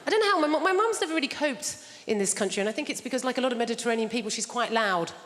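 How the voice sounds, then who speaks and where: A woman's voice: fairly high pitch, expressive, rapid-fire. A woman, doing stand-up comedy on a large theatre stage in a brash, chatty way, teasing the audience. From England. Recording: reverberant theatre with loud noise.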